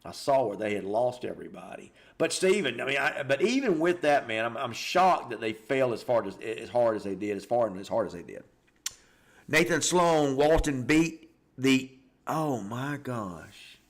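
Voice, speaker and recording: A man hosting a live high school football show, reading scores and viewer comments in a casual, animated way. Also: moderate pace. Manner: chatty and animated, reacting aloud with stunned exclamations and repeated words.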